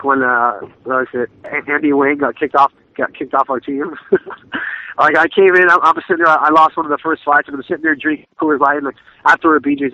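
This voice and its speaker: A man's voice: medium pitch, no room sound. A man in his thirties, an MMA fighter telling laid-back, profane stories in a casual interview. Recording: dull, lo-fi dry sound.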